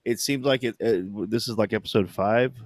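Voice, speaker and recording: A man co-hosting a casual pop-culture chat, animated and hesitant with many fillers. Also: on the low side, brisk, dry recording, clean studio sound. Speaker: podcast co-host.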